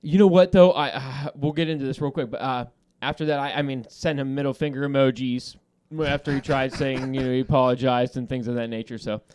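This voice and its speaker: Smooth-voiced man telling a story. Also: medium pitch, fairly quick, few pauses. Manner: animated storytelling with profanity and laughter. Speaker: podcast host. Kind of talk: casual podcast banter.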